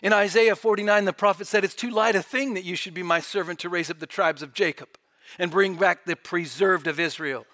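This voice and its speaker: A man preaching a sermon with fervent delivery, swelling loud and dropping to near-quiet. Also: sits high, brisk. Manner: fervent, rising and falling in volume.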